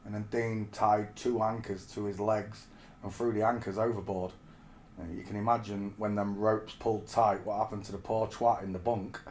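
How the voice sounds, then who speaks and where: A man's voice: on the low side, little pitch movement, moderate pace, darkish tone, slight background noise. A man in his forties from England, telling rambling stories in casual chat and calling the listener mate. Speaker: streamer.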